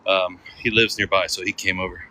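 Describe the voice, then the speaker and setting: A man's voice: low-pitched, little pitch movement, a little fast, pushed and bright. Rambling American man vlogging outdoors. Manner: rambling, laid-back, laughs often. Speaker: travel vlogger. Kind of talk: casual walking vlog chat. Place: outdoors on a city street. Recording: city street noise with traffic.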